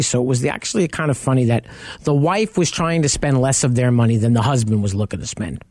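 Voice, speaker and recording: A man's voice: mid-range voice, lively intonation, fairly quick, no echo. Guy co-hosting a car talk show, tells stories, dry studio sound. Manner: storytelling, acts out quoted people. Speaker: co-host. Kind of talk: casual radio talk show chat.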